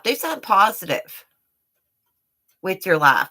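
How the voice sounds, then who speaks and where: A woman's voice: medium pitch, lively intonation, normal speed, pushed and bright. Fired-up middle-aged woman ranting on stream. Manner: heated, profane, talks straight to viewers. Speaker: YouTube live streamer. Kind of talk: angry live-stream rant.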